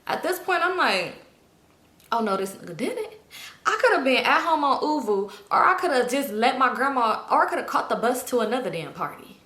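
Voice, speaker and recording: Brief: young woman storyteller, high voice, exasperated and profane, roomy echo. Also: animated, brisk, few pauses, sharp tone. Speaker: YouTuber storyteller. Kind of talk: casual storytime.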